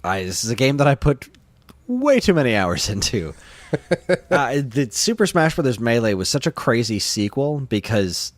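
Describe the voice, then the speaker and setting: A man's voice: medium pitch, big pitch swings, moderate pace, no room sound. A man co-hosting a gaming podcast in casual chat, enthusiastic and rambling, often laughing. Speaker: podcast co-host.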